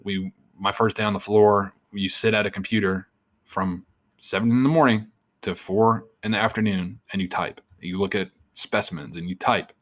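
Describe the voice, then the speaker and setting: A man's voice: on the low side, steady tone, moderate pace, a bit bright. A man being interviewed, telling a story from his life in a casual, rambling and profane way. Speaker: interview guest.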